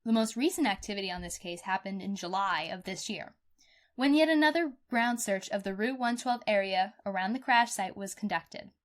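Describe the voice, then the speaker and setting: A woman co-hosting a true-crime podcast in casual chat, animated and outspoken, swearing freely. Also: medium pitch. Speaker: podcast co-host.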